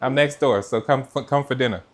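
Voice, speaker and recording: A man's voice: medium pitch, brisk. A man hosting a live cooking stream from his kitchen, chatting casually and talking straight to his viewers. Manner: chatty, talks straight to viewers and reads out their comments. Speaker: cooking livestream host. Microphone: mic with noise cancellation.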